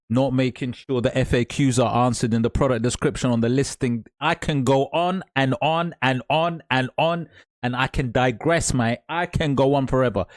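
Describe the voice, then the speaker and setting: A man's voice: mid-range voice, no echo, clean studio sound. A man, an online business coach, giving emphatic direct advice and repeating his points. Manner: emphatic, repeats points, calls listener mate. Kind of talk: direct-to-camera advice talk.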